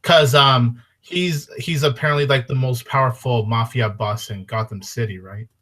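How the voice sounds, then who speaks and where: A man's voice: medium pitch, normal speed, fairly bright tone. A man chatting casually as a guest on a movie podcast, with lots of fillers and an agreeable manner.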